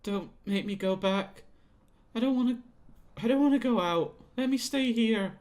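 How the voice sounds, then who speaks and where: A man's voice: high-pitched, moderate pace, a little mellow, voice pushed up, natural voice. A man voicing a frightened teenage girl singer who pleads and begs to stay inside, in a video game playthrough. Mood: pleading. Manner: pleading, fearful.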